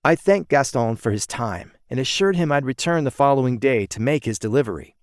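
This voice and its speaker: A man narrating his own first-person audiobook in a steady storytelling manner, recorded on a close studio mic. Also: medium pitch, brisk, no echo.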